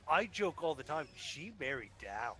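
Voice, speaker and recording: A man's voice: a little high, very animated, moderate pace, bright, forceful tone, husky. A man in his thirties co-hosting a casual gaming chat, joking, swearing and poking fun at himself. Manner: joking, swearing, self-mocking. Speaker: podcast co-host.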